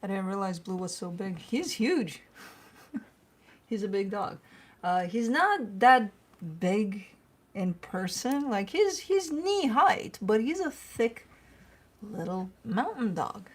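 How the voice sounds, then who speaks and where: A woman with a voice of ordinary, mid-range pitch chatting loosely to her live-stream viewers from home. She drifts into fond, cooing talk with her dogs, fussing over them as she goes. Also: very animated, slow pace. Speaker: tarot reader hosting a live stream. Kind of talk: casual live-stream chat.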